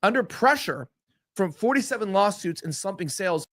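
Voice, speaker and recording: Male online commentator, high voice, punchy headline reading, dry sound. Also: expressive, moderate pace, a bit bright, no echo. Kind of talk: headline commentary from a played clip.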